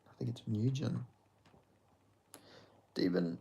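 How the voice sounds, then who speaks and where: A man's voice: medium pitch, normal speed, vocal fry. A young man hosting a fight watch-along stream, chatting casually, swearing and joking with viewers. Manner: swears often, jokes with chat, laughs a lot. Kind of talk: casual live-stream chat.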